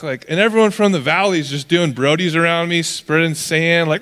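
Male pastor from California, relaxed and jokey in the pulpit, slightly higher voice. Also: brisk, hardly any pauses, clean tone. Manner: casual, joking storyteller. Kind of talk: sermon.

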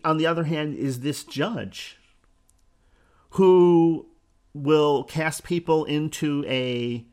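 A man giving a spoken Bible teaching on his podcast, earnest, quoting scripture and pushing key words up with emphasis. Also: mid-range voice. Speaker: podcast preacher.

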